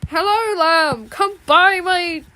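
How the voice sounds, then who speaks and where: A woman voicing a sly male merchant who coaxes people to buy overpriced goods, stretching out his pitch. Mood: coaxing. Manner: coaxing, drawn-out sales pitch. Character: sly male merchant peddling pricey wares. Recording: noisy background with clicks.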